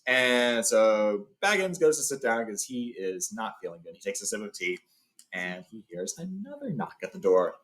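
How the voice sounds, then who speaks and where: A man's voice: on the low side, very animated, moderate pace, fairly bright tone. Chatty man retelling a book. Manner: chatty, with fillers and self-corrections. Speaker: host reading a book aloud. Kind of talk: casual read-along retelling.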